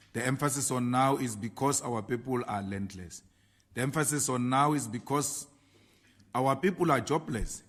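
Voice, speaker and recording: Casting note: South African male politician, mid-pitched, reads his statement in a measured, emphatic way. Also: fairly bright tone. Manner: slow, emphatic delivery of lists. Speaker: party leader.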